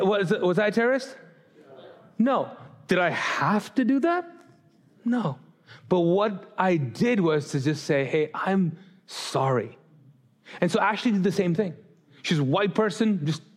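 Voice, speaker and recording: A man's voice: high voice, expressive, moderate pace, pauses often. A man preaching a sermon as pastor, talking directly to the congregation, often restarting his sentences and acting out the voices of people he quotes. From grew up Muslim. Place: church stage.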